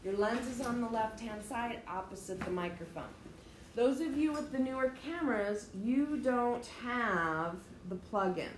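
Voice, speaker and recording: A woman's voice: fairly high pitch, animated, a little slow, slight background noise. A woman teacher giving a direct, emphatic classroom lecture, explaining things to her students step by step. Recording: echoey room, faint ambience.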